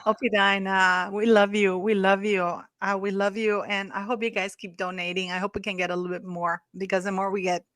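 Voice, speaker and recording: A woman's voice: mid-range voice, little pitch movement, fairly quick, hardly any pauses, dry recording. Woman, live stream co-host, casual chatty talk, laughs often, dry close sound. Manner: chatty, thanks viewers warmly, laughs often. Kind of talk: casual chat.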